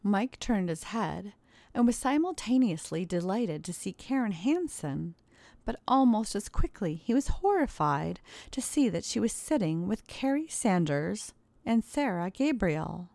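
A woman narrating a story in a steady, measured way. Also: medium pitch, gravelly, no echo. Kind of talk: audiobook narration.

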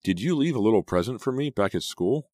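A man voicing a lively teenage girl in a drama class, speaking high and bright. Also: a little fast, dry recording. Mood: hesitant. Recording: dry close studio sound.

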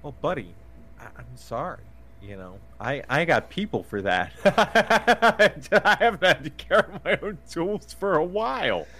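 A man's voice: on the high side, sing-song, unhurried, bright, forceful tone. A man co-hosting a podcast in casual banter, laughing often and swearing freely as he rants. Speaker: podcast co-host. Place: podcast recording.

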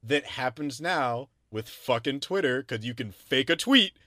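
A man's voice: mid-range voice, lively intonation, a little slow, sharp tone, dry recording, clean studio sound. A man in casual film-talk chat, laid-back and chuckling as he talks.

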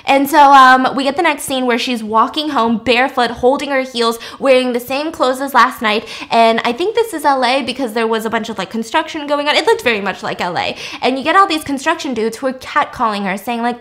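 A woman with a slightly high voice hosts a podcast and retells a movie in loose, casual talk. She is animated and jokey and swears freely as she goes. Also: a little fast, hardly any pauses. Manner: animated, profane, jokey storytelling. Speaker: podcast host.

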